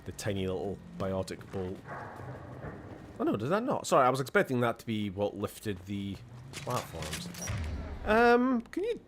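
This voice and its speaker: A man's voice: on the low side, huge pitch swings, normal speed, pauses often, a little hiss or hum. A Scottish man streaming a game, chatting casually in a rambling way with laughing asides and the odd swear. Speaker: gaming streamer. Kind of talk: casual live-stream chat.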